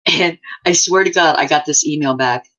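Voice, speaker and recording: A man chatting casually as a fellow channel host, quick and laughing easily. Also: on the high side, sharp tone, low-quality recording. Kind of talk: casual chat.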